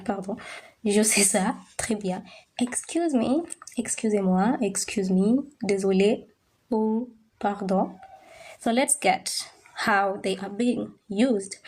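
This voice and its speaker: Female French tutor, mellow tone, patient and repetitive, often checks in with the class. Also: medium pitch, breathy edge. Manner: patient, drills pronunciation slowly, checks understanding. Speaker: French teacher. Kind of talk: online language lesson.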